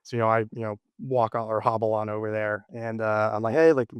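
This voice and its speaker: A man's voice: fairly low pitch, flat delivery, fast talker, smooth, no room sound, lo-fi sound. A man in his thirties, the guest in an interview, telling a personal story casually with many fillers and restarts. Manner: rambling, lots of fillers and restarts.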